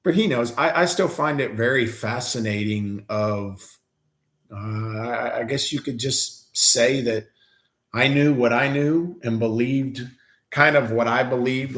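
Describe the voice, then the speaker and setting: A man's voice: medium pitch, fairly bright tone. A man appearing as a guest on a casual live stream, talking hesitantly with many restarts and agreeing easily. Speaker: guest, co-worker of the host. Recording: roomy echo.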